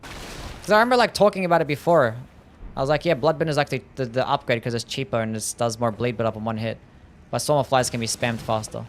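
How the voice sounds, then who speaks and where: Streaming a game from his home setup, a man chats casually, tossing off loose answers to viewers' questions with laughs and some swearing. His voice is mid-range and quick, and there's a little hiss or hum on the audio.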